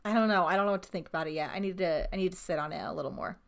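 A woman's voice: lowish voice, rapid-fire, gravelly. A young woman co-hosting a casual chat, ranting heatedly with plenty of swearing and laughter. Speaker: podcast co-host.

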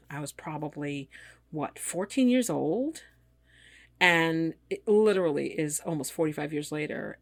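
A woman's voice: low-pitched, no room sound. A woman in her fifties, an engineer and guest, telling a story with animation and acting out the voices of the people in it. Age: 50s. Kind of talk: storytelling in a conversation.

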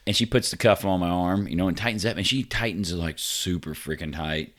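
A man's voice: low-pitched, quick pace, few pauses. A man co-hosting a podcast, telling a story in a rambling, casual way with slang, cursing and laughter. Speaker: podcast co-host.

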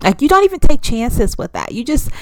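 Woman co-host, high voice, very expressive delivery, laughs a lot. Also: a little fast, poor audio. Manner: animated, emphatic, laughs often. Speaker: podcast co-host. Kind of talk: casual chat.

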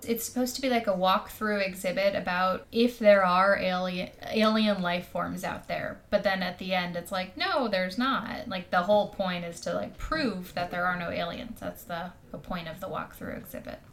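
A woman's voice: on the low side, steady tone, normal speed, few pauses, fairly bright tone. A woman co-hosting a podcast, chatting casually with many "like" fillers. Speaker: podcast co-host. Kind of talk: casual chat.

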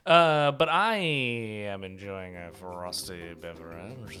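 A man's voice: deep voice, slow pace, music in the background. A man co-hosting a casual podcast, joking around and laughing often. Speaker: podcast co-host. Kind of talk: casual chat.

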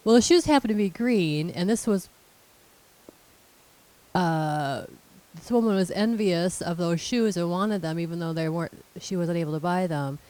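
A woman's voice: on the low side, normal speed, warm tone, low-quality recording. A woman co-hosting a casual recap chat, explaining scenes and acting out characters' lines as she retells them. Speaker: podcast co-host.

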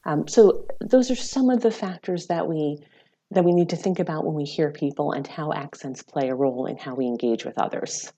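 A woman psychology researcher giving measured, explanatory answers in an interview, with frequent ums. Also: low voice, warm tone.

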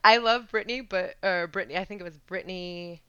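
A young woman telling a story in a casual chat, animated, swearing freely and laughing. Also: lowish voice, a little fast, smooth, dry recording. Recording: dull lo-fi sound.

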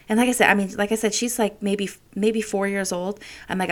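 A woman's voice: medium pitch, steady tone, fairly quick. A middle-aged woman telling rambling, frank family stories in a casual chat. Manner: rambling storyteller, frank and laughing.

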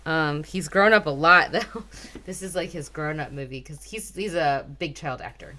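Podcast co-host, woman in her thirties, low voice, chatty and enthusiastic. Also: normal speed, pushed and bright. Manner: enthusiastic, chatty, filler-heavy. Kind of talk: casual chat.

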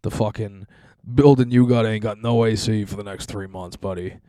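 A man's voice: fairly low pitch, fairly even intonation, moderate pace, dark tone, no room sound, clean studio sound. A young man hosting a podcast, ranting casually with lots of swearing and laughter. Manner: profane, rambling, laughing complaints. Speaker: podcast host. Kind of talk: casual profane podcast rant.

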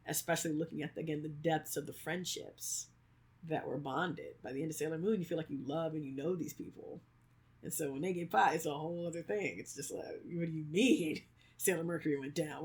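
A podcast co-host in their thirties talking casually, leaning on "like" and acting out quoted lines with frequent laughs. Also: medium pitch. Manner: animated storyteller, acts out quotes, many "like"s; laughs often. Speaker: podcast co-host, creator of fictional worlds. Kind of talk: casual chat.

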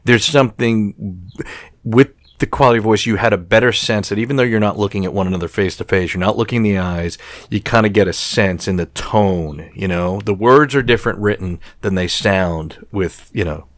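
A man's voice: lowish voice, moderate pace, dry recording. Man thinking aloud, dry close mic. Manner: reflective, thinking aloud, repeated "right?" and "you know". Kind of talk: casual chat.

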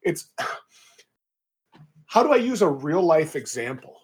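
A man co-hosts a casual book podcast in a relaxed, thinking-out-loud way. His voice is a bit husky and fairly high for a man, with a lively swing in pitch. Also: slow pace. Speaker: podcast co-host.

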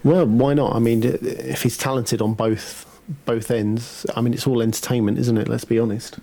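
A man co-hosting a podcast, reacting to gaming news with quick exclamations in casual chat. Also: medium pitch, steady tone, vocal fry, warm tone. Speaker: podcast co-host.

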